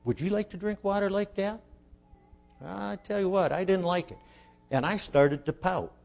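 A man's voice: sits high, normal speed, gravelly, soft background music. Older man telling a folksy story. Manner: asks listeners questions, drops to a hush for inner thoughts. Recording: dull lo-fi recording.

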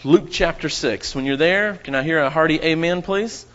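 A man's voice: a little high, normal speed, fairly bright tone. Dramatic preacher man, lo-fi sound. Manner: dramatic, rising and falling emphasis, addresses congregation. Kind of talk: sermon.

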